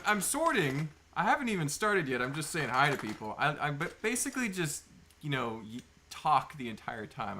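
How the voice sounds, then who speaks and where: A fairly high-pitched voice, bright and forceful, comes from a livestream host at a table of sorting bins indoors, with a little hiss or hum in the background. He greets viewers by name and chats casually, leaning on lots of fillers.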